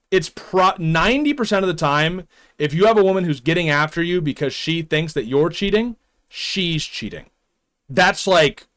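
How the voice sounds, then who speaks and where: A man's voice: high-pitched, a bit bright. A man streaming live, talking casually in an opinionated, rambling way and laughing often.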